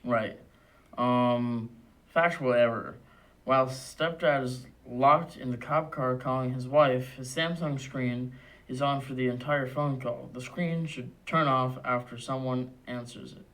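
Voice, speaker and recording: A man co-hosting a movie review show, reading trivia in a low-key way with brief dry replies. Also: fairly even intonation, unhurried, fairly bright tone, low-quality recording. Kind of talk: casual movie review chat.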